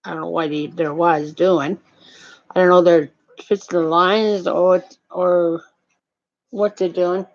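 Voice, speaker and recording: An older woman talking in a rambling, halting, profane monologue. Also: on the low side, steady tone, darkish tone, muffled recording.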